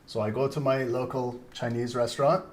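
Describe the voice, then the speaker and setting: A man's voice: mid-range voice, level tone, brisk, darkish tone. A man in his thirties hosting a live trading stream, rambling and chatty as he comments on the charts. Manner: rambling, chatty, frequent laughter.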